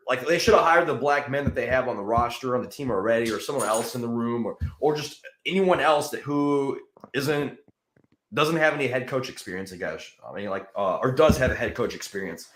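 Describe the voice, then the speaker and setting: A man's voice: mid-range voice, lively intonation, moderate pace, fairly bright tone. A man hosting a casual sports chat, rambling with lots of fillers and restarts. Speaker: podcast host. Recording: echoey room.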